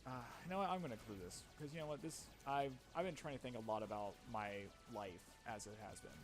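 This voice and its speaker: A man's voice: medium pitch, quick pace, soft background music. A young man in his twenties giving casual gameplay commentary, rambling and self-mocking with frequent swearing. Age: young adult. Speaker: let's play commentator.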